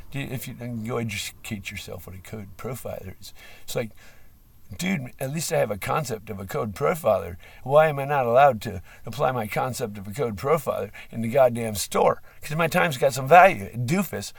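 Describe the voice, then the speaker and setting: A man rambles through an unscripted monologue, swearing often and stumbling over fillers, lurching from sudden loud bursts to low mumbles. His voice is gravelly and husky. He sits a bit back from the microphone, so he sounds distant. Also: expressive, normal speed. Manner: rambling, profane, with frequent fillers and laughs; swings between loud outbursts and mumbling. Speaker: livestream host.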